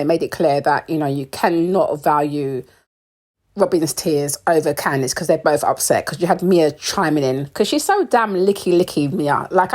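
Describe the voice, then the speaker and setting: Woman, British accent, low voice, sarcastic, opinionated, casual commentary. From United Kingdom. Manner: opinionated, sarcastic, laughs often. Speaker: reality TV recap host.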